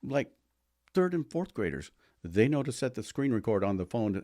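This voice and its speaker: A school resource officer talking casually on a podcast, explaining things step by step and often checking in with "right?". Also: male voice, mid-range voice, sing-song, normal speed, a little mellow.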